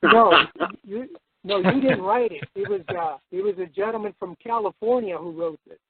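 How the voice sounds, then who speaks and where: A male caller reading a prepared letter aloud, hesitant and halting. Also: sits high, a loud crowd. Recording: tinny phone-line radio audio.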